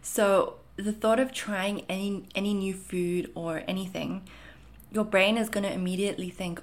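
A woman's voice: medium pitch, fairly even intonation, moderate pace. Chatty woman with a mixed South African-Canadian accent. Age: 30s. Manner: reassuring, chatty, frequent fillers. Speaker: anxiety content creator. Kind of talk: casual Q&A monologue.

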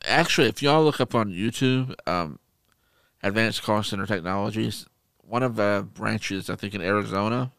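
Gravelly, animated male storyteller. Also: on the low side, moderate pace, dry recording. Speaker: podcast co-host. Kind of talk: casual chat.

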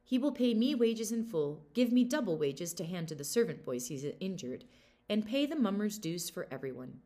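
A woman's voice: medium pitch, very animated, moderate pace, warm tone, natural voice. A woman voicing a cheeky, mock-innocent young servant boy in a storybook reading. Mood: stern. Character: sly, cheeky young male servant lad.

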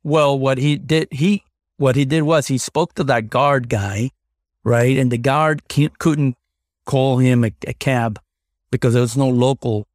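Guy on a podcast rambling thru a story, mid-pitched, dry close sound, lots of restarts. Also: fairly even intonation, measured pace, a little mellow, no room sound. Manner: rambling, many restarts, swears freely. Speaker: podcast co-host. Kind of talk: casual storytelling chat.

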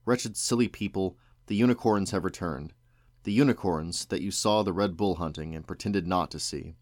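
A man's voice: low voice, moderate pace, darkish tone, no room sound, lightly acted. Man voicing a commanding young king, grave and firm, dry sound.

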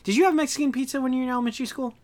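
A young man in casual podcast chat, animated and ranting, swearing freely as he rants. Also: extremely high pitch, rapid-fire. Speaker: podcast co-host.

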